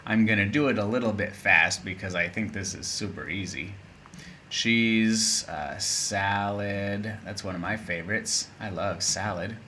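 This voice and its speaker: Playful male English teacher, bright voice. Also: on the low side, unhurried, slight background noise. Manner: playful, chatty, with spoken asides. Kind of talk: casual video lesson.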